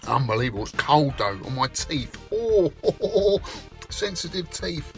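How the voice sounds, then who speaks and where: A slow, gravelly man chatting cheekily to camera from inside a parked van, relishing a treat and cracking jokes. Music plays clearly underneath his voice. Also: a little high, very animated. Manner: cheeky, jokey, savouring food. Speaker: vlog host. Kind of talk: casual vlog chat.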